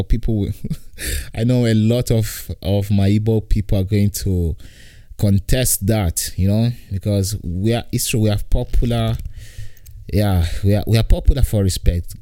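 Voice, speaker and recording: A man's voice: lowish voice, warm tone, no echo, studio quality. A man in his twenties from Italy, hosting a casual podcast monologue from home while lying down, rambling with frequent repeats and laughs. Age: 20s. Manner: rambling, repetitive, laughs often. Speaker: podcast host and comedian.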